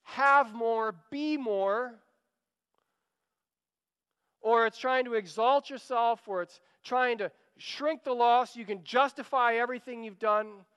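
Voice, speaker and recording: A man's voice: extremely high pitch, slow, a bit bright, clear, resonant tone, big-room sound. A man preaching a sermon, earnest and urging, often repeating a phrase as he pleads. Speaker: pastor.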